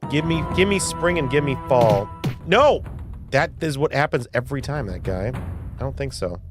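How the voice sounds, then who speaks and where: A man's voice: mid-range voice, expressive, normal speed, music in the background. Rambling man in his early forties. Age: early 40s. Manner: rambling, chatty, swears, reads chat aloud. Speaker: live-stream host. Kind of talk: casual live-stream chat.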